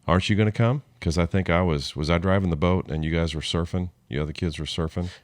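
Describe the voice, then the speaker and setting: A man who hosts a podcast, reminiscing in a halting way with many fillers. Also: deep voice, steady tone, no echo. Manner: halting, full of fillers and restarts. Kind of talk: casual reminiscing chat.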